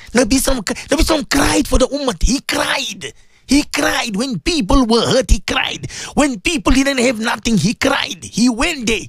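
Impassioned high-voiced radio preacher. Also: male voice, gravelly, fairly bright tone, breathy edge, dry recording. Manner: impassioned and preachy, repeats phrases, sing-song stresses. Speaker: radio show host. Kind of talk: religious advice talk on morning radio.

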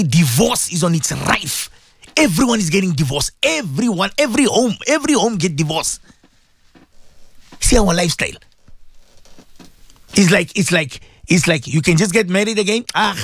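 A man's voice: high voice, gravelly, husky, dry recording. A man giving an impassioned radio sermon, full of repeated rhetorical questions. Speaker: radio preacher.

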